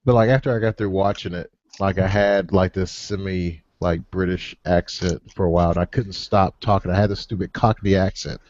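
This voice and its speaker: Low rambling man, hesitant. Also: steady tone, a little fast, few pauses, a little mellow, muffled recording, a little hiss or hum. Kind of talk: casual group chat.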